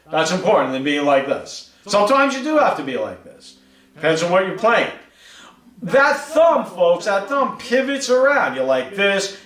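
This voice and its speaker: A man's voice: sits high, a bit bright, echoey room, recorded from a distance. A man teaching guitar on a live stream, coaching step by step and often checking in with "right?" and "see that?". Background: guitar playing.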